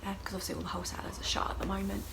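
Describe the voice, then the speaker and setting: A woman's voice: medium pitch, level tone, very fast, vocal fry, a bit bright, low-quality recording. A woman chats to camera in a casual vlog diary. She rambles from one thought to the next and pokes fun at herself, with her voice sitting mid-range. Faint noise hums behind her. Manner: chatty and rambling, with self-mocking asides. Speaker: vlogger.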